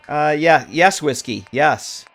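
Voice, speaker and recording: A man's voice: a little high, a bit bright. Chatty male game streamer. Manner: chatty, talks to viewers and game characters. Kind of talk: casual live-stream commentary.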